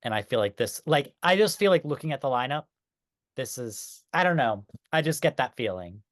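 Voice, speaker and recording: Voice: medium pitch, expressive, normal speed, dry recording, studio quality. A podcast co-host in casual chat, talking enthusiastically and swearing casually.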